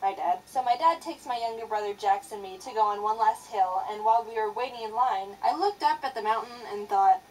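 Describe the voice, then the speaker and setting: A young woman animator telling a childhood story in a sarcastic, expressive narration. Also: on the high side, fairly quick, few pauses, distant mic, slight background noise, poor audio.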